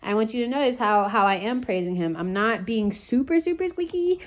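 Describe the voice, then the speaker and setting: A woman filming a casual vlog about training her dog, calmly explaining each step to viewers in a chatty way. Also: a little high, fairly quick.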